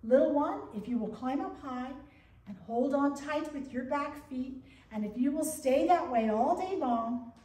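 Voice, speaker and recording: A woman's voice: sits high, unhurried, warm tone. A woman pastor voicing a kind, wise male creator spirit in a storybook read-aloud. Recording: echoey church from a distance.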